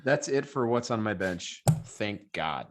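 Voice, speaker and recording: A man hosting a casual podcast who keeps things loose and jokey. His pitch moves around a lot, and his delivery stays relaxed and informal. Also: measured pace. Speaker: podcast host. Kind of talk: casual chat.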